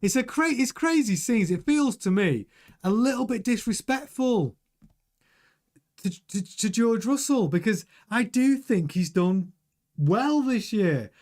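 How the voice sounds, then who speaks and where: A man's voice: sits high, animated, a little slow, a little mellow. Chatty man hosting a live stream. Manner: chatty, restarts and repeats words. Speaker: host. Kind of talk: live-stream news commentary, reading chat.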